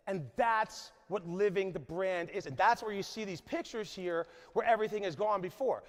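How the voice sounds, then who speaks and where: A man's voice: high voice, normal speed, hardly any pauses, in a large hall. A man in his forties from New Jersey giving an emphatic motivational talk at a conference, often checking in with the crowd. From New Jersey, USA. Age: 40s. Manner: emphatic, keeps asking the crowd "right?". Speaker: conference speaker. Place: large conference hall.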